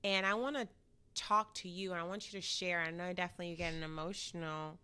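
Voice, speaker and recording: A woman hosts a casual podcast chat. Her voice sits a little low but has a bright, forward tone. She talks in an emphatic, encouraging way. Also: steady tone, quick pace, smooth. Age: adult teacher, several years since first teaching. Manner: emphatic, encouraging, many affirming murmurs. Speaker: podcast host.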